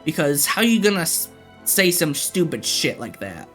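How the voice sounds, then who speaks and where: A man's voice: on the high side, very animated, moderate pace, a bit bright, faint music behind. A man livestreaming, ranting casually and profanely to his chat.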